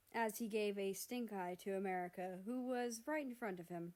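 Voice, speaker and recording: A woman narrating fan fiction aloud in a steady, measured storybook reading. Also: mid-range voice.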